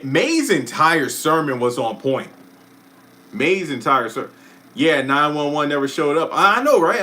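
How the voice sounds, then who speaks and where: A man hosting a casual live stream who chats about a TV finale, answers viewer comments, and often breaks off with quick asides and apologies. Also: fairly high pitch, sharp tone. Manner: chatty, self-interrupting, apologetic asides. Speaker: YouTube live stream host.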